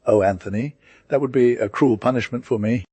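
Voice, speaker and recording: A man's voice: mid-range voice, a little fast, mellow, husky, no echo, natural voice. A man reading as a tearful older stepmother. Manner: emotional, pleading. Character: older woman, grief-stricken, remorseful stepmother. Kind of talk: audiobook character reading.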